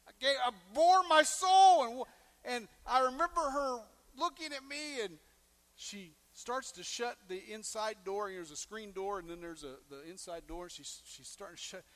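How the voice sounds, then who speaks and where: A man preaching a sermon, telling a personal story and acting out the quoted lines with big swings in loudness. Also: very high voice, moderate pace. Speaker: pastor.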